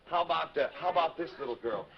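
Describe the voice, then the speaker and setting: A man's voice: fairly high pitch, fast, vocal fry. A man hosting a live children's show, coaxing the kids in a friendly way, on a noisy lo-fi 1950s TV broadcast. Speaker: children's TV host.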